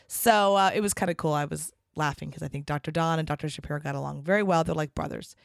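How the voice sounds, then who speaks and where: A woman's voice: low-pitched, fast, gravelly, no echo, clean studio sound. A middle-aged woman hosting a podcast, talking casually and chattily with lots of fillers. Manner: chatty and animated, many fillers. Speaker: podcast host. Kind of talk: casual monologue.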